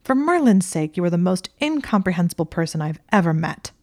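A woman reading the part of an indignant, sharp-tongued young woman librarian, emphatic and exasperated. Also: on the low side, sing-song, fairly quick, no room sound, clean studio sound. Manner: exasperated, emphatic, rising to near shouts.

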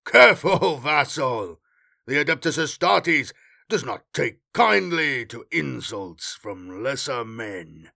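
A man's voice: on the high side, sing-song, a little slow, full character voice. A man voicing an arrogant, mocking warrior sergeant who talks archly and snarls. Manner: arch, snarling, loud.

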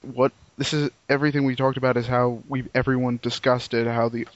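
A man's voice: mid-range voice, little pitch movement, a little fast. A man hosting a games podcast discussion, earnest and questioning, laughing often. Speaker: podcast host. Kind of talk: casual roundtable discussion. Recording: dry dull lo-fi podcast audio.

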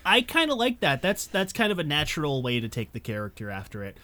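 A man's voice: on the high side, wildly swooping pitch, fast, sharp tone. Rambling, cussing man reviewing movies. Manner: swears freely, rambling with many fillers. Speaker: podcast co-host. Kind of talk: casual movie review chat.

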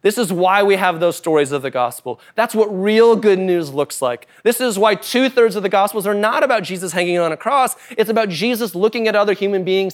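A man preaching a sermon to his congregation, talking conversationally and moving between loud, emphatic stretches and soft, quiet ones. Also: sits high, lively intonation, a little fast, hardly any pauses. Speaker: pastor. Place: church service before a congregation.

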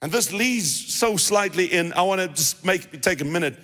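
Sharp-toned and high-pitched, this South African pastor sounds expressive as he preaches at a normal speed. He keeps it conversational, restarting and repeating himself, and the church hall gives the recording a long reverb.

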